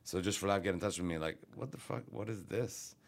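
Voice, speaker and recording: A man's voice: low voice, fast, creaky. A man, a comedian, telling a rambling, profane story in casual podcast chat. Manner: rambling, profane, self-interrupting. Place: radio studio.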